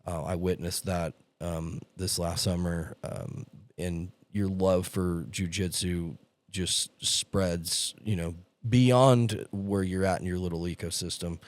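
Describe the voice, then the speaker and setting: A man hosting a podcast, excitable and chatty, often cutting in and saying "dude". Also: sits low, takes it slowly, dry recording. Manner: excitable, talks over guest, says dude. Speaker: podcast host. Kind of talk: casual chat.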